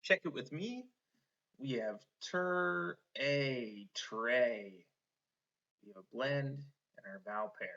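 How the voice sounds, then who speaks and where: A man teaching an online phonics lesson to children, slow and encouraging, stretching out each sound. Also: medium pitch, very animated, bright, forceful tone. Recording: slightly dull lo-fi online lesson audio.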